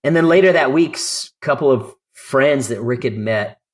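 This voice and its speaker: A man in his fifties, from California, telling lively stories as a podcast guest and acting out quoted dialogue. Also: mid-range voice, moderate pace. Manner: animated storyteller, acts out quoted dialogue. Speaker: guest climber. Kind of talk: storytelling interview.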